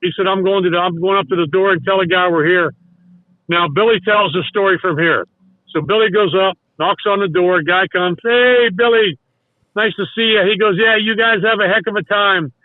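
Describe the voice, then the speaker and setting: An older man spins a long rambling story, stopping to restart and acting out what others said. His voice sits high. The sound is dry and tinny, like a phone call. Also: fairly even intonation, fairly quick, dry recording. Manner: rambling anecdotes full of restarts and acted-out quotes. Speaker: guest, former baseball coach. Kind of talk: casual storytelling.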